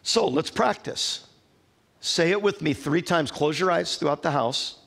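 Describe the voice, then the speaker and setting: A middle-aged man preaching a sermon to a church congregation, rising to loud, emphatic declarations and then dropping low. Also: unhurried, vocal fry. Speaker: pastor. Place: church sanctuary.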